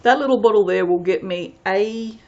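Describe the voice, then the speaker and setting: A woman's voice: medium pitch, normal speed, muffled recording. A woman chatting casually as she reviews soap fragrances, rambling and reading product blurbs aloud. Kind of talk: casual unboxing chat.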